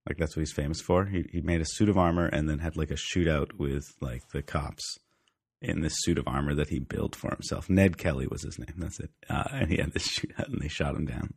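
A man's voice: extremely low pitch, a little fast, gravelly, husky, no room sound, clean studio sound. A man co-hosting a podcast remotely, chatting animatedly about films with lots of fillers and easy laughter. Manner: laughs easily, animated, uses many fillers. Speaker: podcast co-host. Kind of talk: casual film chat. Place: home, remote from co-host.

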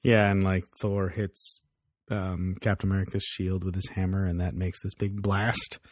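A man's voice: deep voice, flat delivery, moderate pace, dry recording, clean studio sound. A man co-hosting a podcast, chatting casually about a TV show, laughing often and acting out the characters' lines. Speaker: podcast co-host. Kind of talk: casual TV review chat.

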